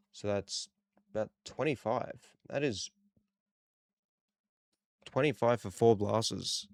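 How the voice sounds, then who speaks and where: Low gravelly young Australian man. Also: no room sound. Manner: relaxed, rambling, self-deprecating. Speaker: card-opening channel host. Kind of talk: casual card-opening commentary.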